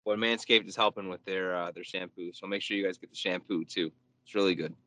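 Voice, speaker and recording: A young man on a podcast, telling a story in an animated, exasperated way and swearing freely. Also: low-pitched, quick pace, low-quality recording. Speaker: podcast co-host. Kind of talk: casual chat.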